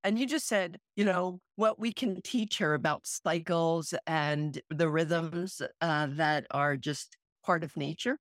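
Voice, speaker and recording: A woman's voice: low-pitched, takes it slowly, few pauses, dry recording, studio quality. A woman co-hosting a podcast, talking in a thoughtful, reflective way in casual conversation. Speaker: podcast co-host, yoga and meditation teacher.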